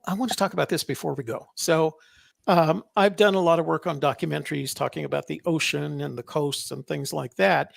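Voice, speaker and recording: A man co-hosts a podcast of casual political chat, rambling loosely and often correcting himself. His voice is fairly high and gravelly, captured in a dry, studio-quality recording.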